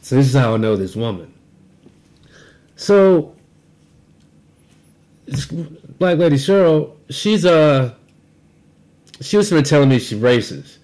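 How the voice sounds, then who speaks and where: A man's voice: medium pitch, sing-song, slow, pauses often, a little mellow. A man co-hosting a podcast, telling rambling, profane stories about his workday with frequent restarts. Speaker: podcast co-host. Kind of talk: casual podcast rant.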